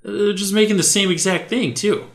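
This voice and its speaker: A man's voice: high voice, steady tone, moderate pace. A man co-hosting a casual chat, adding wry jokes and short remarks. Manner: joking, wry asides.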